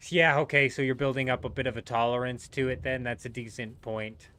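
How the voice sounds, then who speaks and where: A man's voice: mid-range voice, fairly even intonation, fairly quick, bright, forceful tone. A man casually chatting with his viewers and answering their messages while he plays a game on a live stream.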